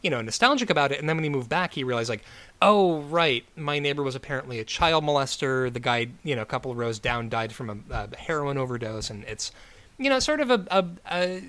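A man's voice: medium pitch, fairly quick. A man casually recapping a TV episode as a podcast co-host, swearing and acting out the characters he quotes. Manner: animated, swears, many fillers, acts out quoted characters.

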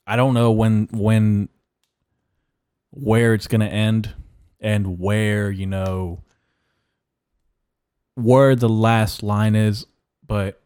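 A young man hosting a solo podcast, giving a halting, mock-mournful rant full of restarts. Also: lowish voice, a little mellow, clear, resonant tone, no echo, studio quality. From Mexican-American. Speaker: podcast host. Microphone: podcast mic.

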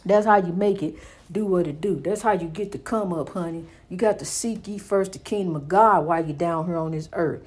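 A woman with a lowish, husky, slightly mellow voice talks a little fast. She preaches an inspirational monologue with fervor, repeating her points and calling the listener "honey."

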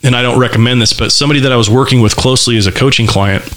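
A man's voice: medium pitch, racing. A man casually telling a personal story in conversation, candid and loose, with lots of fillers and restarts. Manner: vivid, animated description.

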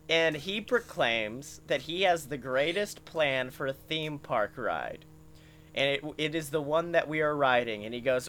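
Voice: medium pitch, unhurried, a little hiss or hum. Comedian, casual rambling storyteller, profane. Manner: rambling, animated, peppered with "like" and swearing. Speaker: podcast comedian. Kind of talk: comic storytelling.

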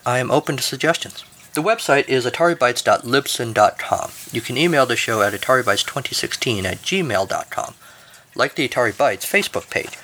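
A man's voice: medium pitch, fairly bright tone. A man hosting a podcast, narrating a comic story and reading the outro with dry, jokey asides. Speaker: podcast host.

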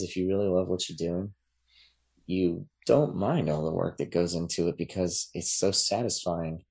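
A man talking as a podcast guest in casual chat, relaxed and rambling, with many fillers and restarts. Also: low voice, normal speed, creaky, breathy edge.

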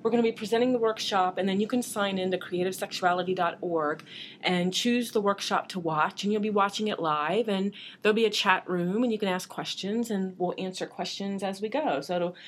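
A woman's voice: mid-range voice, fairly quick. Brief: female podcast co-host, upbeat, chimes in, mid-range voice. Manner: upbeat, laughs often, chimes in. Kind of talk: casual banter.

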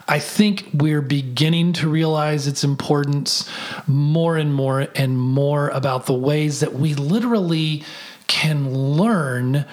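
Co-host with a mid-range voice, earnest and explanatory, teaching in a relaxed podcast talk. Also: mid-range voice, slow. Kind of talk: reflective podcast conversation.

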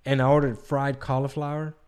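A man co-hosting a loose podcast conversation, with a voice of ordinary pitch. He is laid-back and swears freely, dropping jokes into his stories. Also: level tone, fairly quick, darkish tone, clean tone. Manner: laid-back, profane, joking asides. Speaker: podcast co-host. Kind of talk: casual chat.

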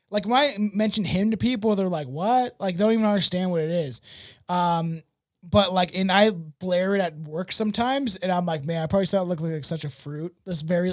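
A man in his thirties co-hosting a podcast in casual chat, rambling and swearing with lots of fillers. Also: high voice. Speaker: podcast co-host.

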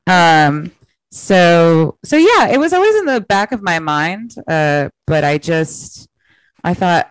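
Chatty woman telling stories, smooth dry voice. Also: fairly low pitch, takes it slowly, no room sound, rough recording. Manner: chatty, laughs often, quotes herself in animated voices. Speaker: comedian guest. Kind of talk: casual interview storytelling.

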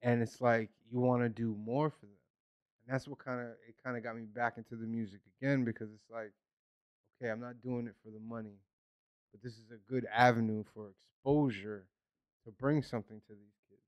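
A man's voice: medium pitch, little pitch movement, fairly quick, clear, resonant tone, no room sound, lo-fi sound. Earnest man from Newburgh, New York. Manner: earnest storyteller, many "like" fillers. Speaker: guest musician. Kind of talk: casual podcast chat.

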